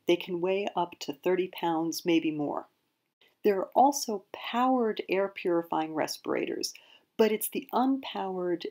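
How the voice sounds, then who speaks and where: A woman's voice: on the low side, a little mellow. A woman hosting an explanatory video lesson, speaking carefully and correcting herself as she goes. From United States. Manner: careful, self-correcting, hedges with "I believe". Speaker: prepping channel host.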